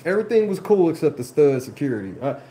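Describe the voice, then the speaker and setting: Brief: stream host, swooping lively delivery, dark mellow tone, laughing and cussing through a story. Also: medium pitch, fast talker. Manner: laughing, profane, indignant retelling. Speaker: livestream host. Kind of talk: animated casual storytelling.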